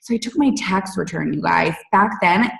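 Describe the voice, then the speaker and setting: A woman's voice: on the low side, normal speed, vocal fry, fairly bright tone. Chatty woman in a roomy space. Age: 30s. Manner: candid, chatty, lots of "like" and "you guys". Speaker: fitness coach speaking on a team call. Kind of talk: personal story told to a team. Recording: roomy, distant from the mic.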